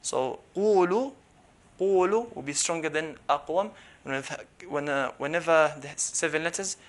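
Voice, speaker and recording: Male teacher explaining, somewhat high voice. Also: steady tone, normal speed, smooth. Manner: explains patiently, repeats syllables loudly to demonstrate. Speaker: Quran recitation teacher. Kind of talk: classroom lesson, demonstrating letter sounds.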